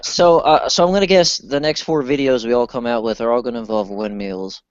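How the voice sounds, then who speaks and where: A man's voice: mid-range voice, brisk, smooth, no echo. A man joking around in casual chat, teasing his friends with playful banter. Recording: dull, lo-fi dry recording.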